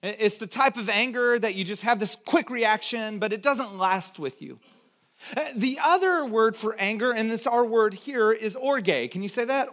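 A middle-aged man from the United States preaches in a church, his voice sitting high for a man. He talks to the congregation like a conversation, has them repeat words back and drops in joking asides. He swings from loud, emphatic lines down to quiet, low ones. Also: moderate pace. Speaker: pastor. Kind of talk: sermon.

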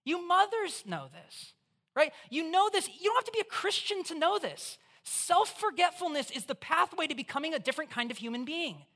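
A preacher giving a conversational, animated sermon in church, putting questions straight to the listeners. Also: extremely high pitch, normal speed. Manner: acts out voices in quotes.

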